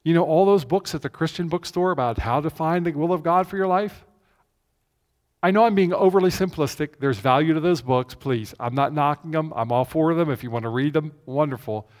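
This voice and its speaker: A man's voice: on the high side, brisk, a little mellow. Man preaching in a reverberant hall. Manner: conversational, repeats key phrases for emphasis. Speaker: pastor. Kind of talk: sermon. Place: church with a screen behind him. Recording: long reverb of a large hall.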